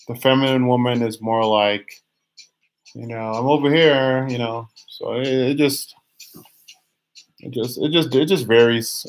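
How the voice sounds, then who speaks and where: Chatty male tarot reader on a live stream. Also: mid-range voice. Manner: chatty, reads viewer comments aloud and teases back; many restarts and drawn-out phrases, sometimes sings a line.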